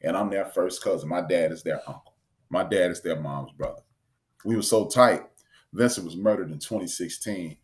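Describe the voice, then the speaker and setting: A man, co-hosting a casual talk show and telling an animated story. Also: deep voice, moderate pace. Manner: storytelling, animated, acts out quotes. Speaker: podcast co-host. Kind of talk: casual chat.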